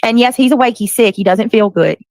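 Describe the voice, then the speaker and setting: A woman hosting a live stream and retelling events in a dramatic, animated way. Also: a little high, a little fast, no echo.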